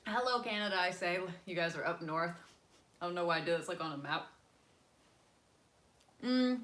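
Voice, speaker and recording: Chatting casually with her live viewers, a young American woman speaks at a moderate pace in a lowish, animated voice that is a bit bright. Her talk is rambling and filler-heavy, drifting across topics and languages.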